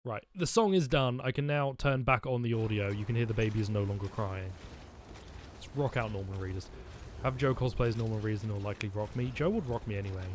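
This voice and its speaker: A man's voice: on the low side, quick pace, slight background noise. Joking male game streamer. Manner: rambling, joking, talks to his chat. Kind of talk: let's-play commentary.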